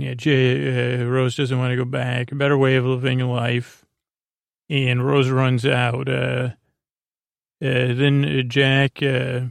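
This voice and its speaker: Drowsy gravelly man rambling a bedtime recap. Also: no room sound, studio quality. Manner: meandering, full of "uh" and "he goes"; low-key, unhurried delivery. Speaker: podcast host.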